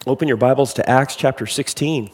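A man's voice: mid-range voice, brisk, long reverb tail, background noise. A man preaching a sermon, casual and self-deprecating, with frequent fillers, then reading scripture aloud. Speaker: pastor.

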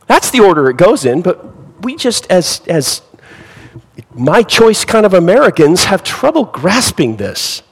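A man preaching a sermon with lively rhetorical questions to his congregation. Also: high-pitched, slow pace, vocal fry, husky, big-room sound, poor audio. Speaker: pastor.

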